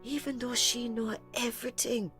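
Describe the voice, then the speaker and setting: An actress playing an ageing mother with early dementia, who scolds sternly and recalls the past slowly. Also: a little high, fairly even intonation, natural voice. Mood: reminiscing. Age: older. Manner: stern, scolding, then slow and reminiscing. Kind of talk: radio drama acting. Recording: studio audio drama with soft music.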